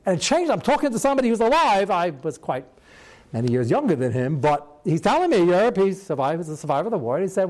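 A man teaching a Talmud class as a rabbi, chatty and animated, sprinkling his talk with Hebrew and Yiddish terms. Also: high voice, quick pace. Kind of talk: Talmud class lecture with storytelling.

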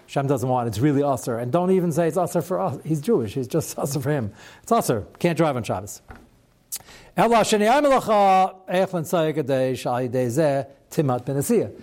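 A man's voice: medium pitch, mellow. A man teaching a Torah class to students, talking through a text with rhetorical questions and wry asides.

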